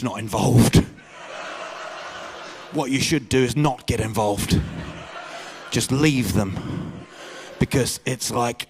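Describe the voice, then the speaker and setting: A man doing a stand-up comedy routine on stage, telling stories and bursting into loud shouted impressions of the people in them. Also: medium pitch, vocal fry, slight background noise. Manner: animated storyteller, mimics people with loud shouted voices. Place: comedy stage before a live audience.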